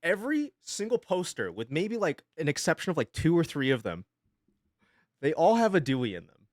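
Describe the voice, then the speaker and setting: A man's voice: on the high side, big pitch swings, normal speed, long pauses, no echo, clean studio sound. A young man chatting casually on a live stream from his home setup, rambling, swearing freely and laughing often.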